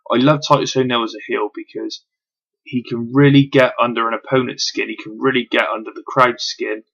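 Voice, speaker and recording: A man talks through a wrestling show in a loose, rambling way, dropping ums and the occasional curse. His voice has a gravelly edge and sits at an ordinary pitch. The recording is a dull, lo-fi home setup. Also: level tone, brisk, fairly bright tone. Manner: chatty, frequent ums, occasional swearing. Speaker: wrestling reviewer. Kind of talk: casual spoken review.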